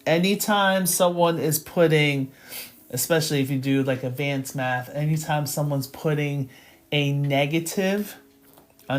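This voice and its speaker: A woman tutoring math live in a casual, chatty way. She sounds tired and fills her talk with ums and small laughs. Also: deep voice. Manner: chatty and relaxed, with frequent fillers and laughs.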